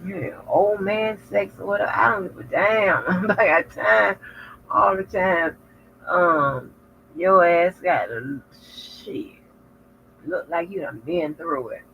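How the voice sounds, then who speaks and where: A woman's voice: fairly low pitch, slow, gravelly. Frank, profane woman vlogger, lo-fi. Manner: frank, profane, chatty storytelling. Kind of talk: casual chat to viewers. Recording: lo-fi with faint noise.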